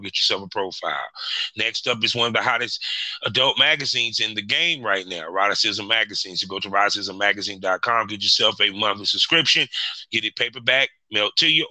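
A man hosting a podcast in a relaxed, chummy way, often repeating his phrases and reading sponsor spots. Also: on the low side, dry recording, rough recording. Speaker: podcast host. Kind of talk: casual podcast chat and sponsor reads.

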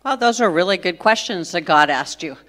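A woman's voice: on the low side, lively intonation, brisk, fairly bright tone. A woman interviewing a biblical figure, asking inquisitive questions and adding thoughtful comments.

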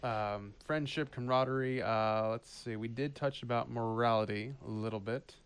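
A man co-hosting a podcast in casual chat, animated and often restarting his sentences. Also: mid-range voice, normal speed, clean tone. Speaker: podcast co-host.

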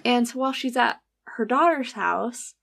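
A woman's voice: a little high, normal speed, gravelly, a bit bright. A woman casually recounting a true-crime story as a podcast host, chatty and full of "like". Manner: chatty, recounts events with frequent "like" and quoted dialogue.

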